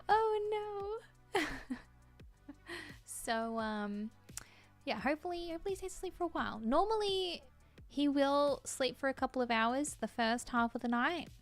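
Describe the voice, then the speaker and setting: A woman's voice: high voice, animated, normal speed, pauses often, soft background music. A woman chatting casually on her live stream, bubbly and giggly, thanking viewers and admitting she feels scattered.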